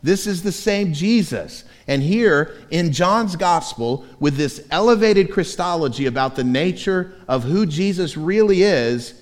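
A man's voice: on the high side, lively intonation, measured pace, few pauses. Man preaching a sermon in an echoey hall. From Florida. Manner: storytelling, self-mocking, emphatic. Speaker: pastor.

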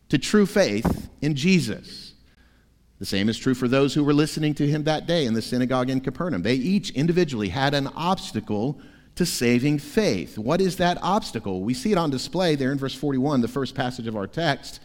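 A man preaching a sermon as pastor, emphatic, with forceful peaks. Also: medium pitch, expressive, normal speed, big-room sound. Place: church sanctuary.

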